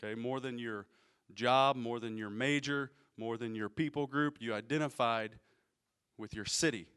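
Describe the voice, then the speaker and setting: A man of medium pitch preaches a sermon in a relaxed, conversational way. He explains things patiently and keeps checking in with the congregation, asking them questions as he goes. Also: moderate pace, clean tone. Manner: casual, explanatory, asks the audience questions.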